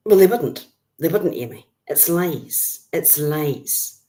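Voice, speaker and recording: A grandmother with an Irish accent and a low voice talks straight to her live-stream viewers. She is feisty and blunt and calls out chatters by name. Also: expressive, takes it slowly, mellow. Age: older. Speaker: livestream host. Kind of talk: casual live-stream chat.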